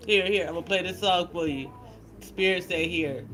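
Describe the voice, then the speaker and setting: On a rough recording, a livestream host with a fairly low-pitched voice speaks at a moderate pace. Her casual chat is animated and teasing, with frequent laughter and many restarted sentences.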